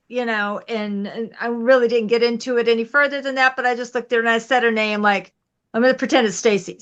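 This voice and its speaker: A woman's voice: on the high side, fairly even intonation, brisk, fairly bright tone, highs cut off. A woman co-hosting a casual political chat podcast, telling a story earnestly and conversationally. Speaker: podcast co-host.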